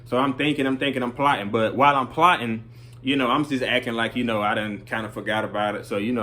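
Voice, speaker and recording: A middle-aged man spins a casual story in a loose, rambling way. He keeps tossing in little check-ins, and his voice sits at an ordinary, middle pitch for a man. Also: steady tone, fast talker, pushed and bright.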